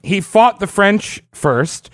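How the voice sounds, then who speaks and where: A man's voice: high voice, lively intonation, takes it slowly, fairly bright tone, dry recording, studio quality. Man casually explaining history. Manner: explains at length, crude jokes, laughs often. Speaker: podcast co-host explaining history. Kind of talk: casual comedic history chat.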